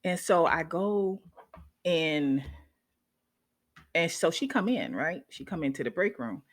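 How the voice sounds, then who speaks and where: A nurse with a deep voice tells her viewers a story in a casual, animated way, frequently checking in with them.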